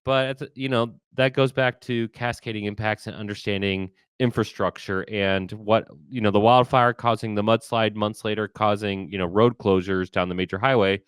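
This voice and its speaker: This is a man hosting a podcast, lower-pitched than most, with a smooth and resonant tone. He talks emphatically and animatedly, often restarting mid-sentence. The sound is dry and close, with no room around it. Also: no room sound. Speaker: podcast host. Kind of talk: conversational interview.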